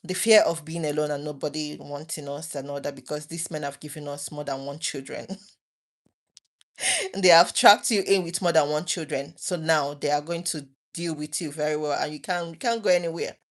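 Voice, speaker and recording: Late at night, a female vlogger in her thirties opens up to her viewers in a personal talk. Her fairly low voice keeps a steady tone at normal speed, but she is earnest and openly emotional, often breaking off and starting sentences over.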